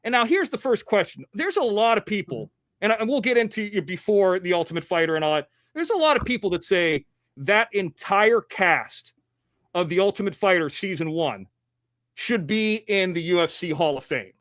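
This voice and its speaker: A man hosting an interview show, telling stories bluntly with swearing and quick bursts. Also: sits high, animated, fairly bright tone, no echo. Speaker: host. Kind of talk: casual interview chat.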